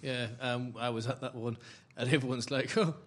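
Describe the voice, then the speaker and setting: A man's voice: medium pitch, little pitch movement, normal speed, fairly bright tone. A man co-hosting a casual football podcast, joking and rambling in banter. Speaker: podcast co-host.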